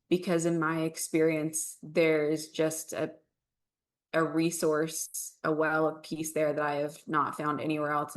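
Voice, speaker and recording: Low-voiced woman telling a heartfelt story. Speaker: podcast guest. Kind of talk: candid personal storytelling.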